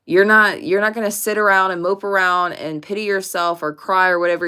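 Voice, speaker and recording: A woman's voice: fairly low pitch, a bit bright, clean tone. A woman giving a casual pick-a-card tarot reading to camera, speaking directly and emphatically and swearing casually. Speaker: tarot reader.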